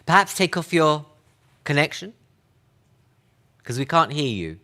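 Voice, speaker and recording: A man moderating an online panel, brisk and prompting his guests with pointed questions. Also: fairly high pitch, big pitch swings, sharp tone. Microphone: video call.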